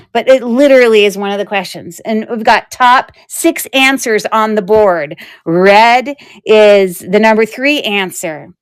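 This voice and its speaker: Chatty, giggly woman host. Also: on the high side. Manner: chatty and giggly, with frequent fillers. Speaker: online shop host selling jewelry on a live stream. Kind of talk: casual live-stream selling chat.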